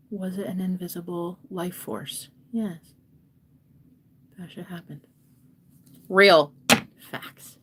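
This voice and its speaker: A young woman giving a casual tarot reading to her viewers, playful and talkative, swinging between loud bursts and soft whispered asides. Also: on the low side, fairly even intonation, takes it slowly, pauses often, a little hiss or hum. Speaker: tarot reader and streamer.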